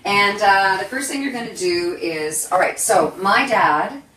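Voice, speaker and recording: A woman hosting a live cooking demonstration in her home kitchen, chatty and animated, full of self-deprecating asides. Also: medium pitch, unhurried. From Canada. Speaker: cooking show host. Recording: echoey kitchen, mic at a distance.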